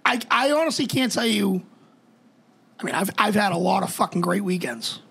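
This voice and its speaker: A man co-hosting a podcast, chatting casually with quick stammering restarts and lots of swearing. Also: high-pitched, lively intonation, vocal fry, pushed and bright, slightly rough. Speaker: podcast co-host. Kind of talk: casual chat.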